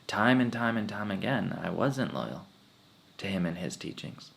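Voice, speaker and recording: Man, spiritual talk, slow and deliberate, gravelly low voice, earnest storytelling. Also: expressive, a bit bright. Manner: earnest storytelling, quotes his teacher in changed voices. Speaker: swami giving satsang. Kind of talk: spiritual talk with personal stories.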